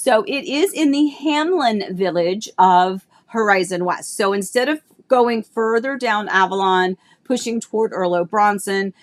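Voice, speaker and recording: A woman's voice: mid-range voice, a little slow, hardly any pauses. A woman in her thirties hosting a casual livestream, talking in a chatty, rambling way with lots of fillers and restarts, nostalgic and emotional at times. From Florida, US. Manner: emotional and nostalgic, laughing between tears. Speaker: realtor and livestream host.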